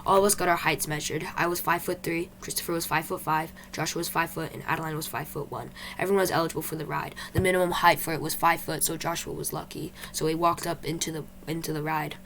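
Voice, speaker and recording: Woman reading a storybook, lowish gravelly voice. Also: steady tone, quick pace, hardly any pauses, a bit bright, a little hiss or hum. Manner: plain reading with restarts. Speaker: author reading own book. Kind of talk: first-person storybook narration.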